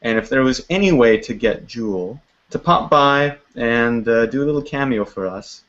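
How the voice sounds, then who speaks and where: A man's voice: mid-range voice, normal speed, a bit bright. A man who makes a web series, talking in a video call interview in an upbeat, chatty way with lots of fillers. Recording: dull lo-fi call audio.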